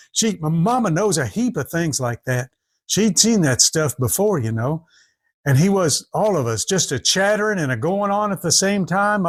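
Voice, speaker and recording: Folksy storyteller, male, high voice, drawling dialect, does the characters. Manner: drawling rural dialect, acting out each character.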